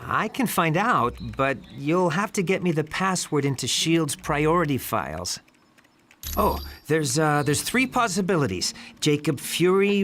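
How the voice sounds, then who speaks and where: A man's voice: on the high side, fairly bright tone, a little hiss or hum. An actor playing a nervous male informant who hesitates and stammers, in a video game. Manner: hesitant, filler-heavy, shifty.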